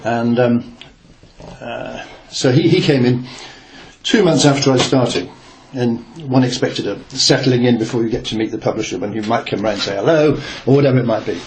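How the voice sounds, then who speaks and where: A man's voice: medium pitch, normal speed, slight background noise. An older man, a former newspaper reporter, recounting a workplace memory in a rambling, hesitant way with many fillers and restarts. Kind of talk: reflective oral history storytelling.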